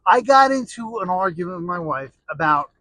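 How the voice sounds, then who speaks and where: A man's voice: high voice, animated, brisk, pushed and bright, dry recording, low-quality recording. A middle-aged American man telling rambling, jokey stories in a casual monologue, full of restarts and asides. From United States.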